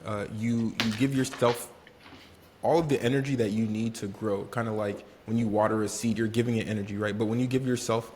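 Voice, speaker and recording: A man's voice: lowish voice, steady tone, fairly quick, darkish tone, a little hiss or hum. Reflective male podcast co-host. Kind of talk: casual podcast chat.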